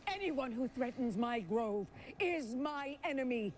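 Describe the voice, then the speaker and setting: A woman's voice: high voice, animated, a little slow, slight background noise. A woman voicing a devoted forest guardian, speaking in an earnest, vowing tone.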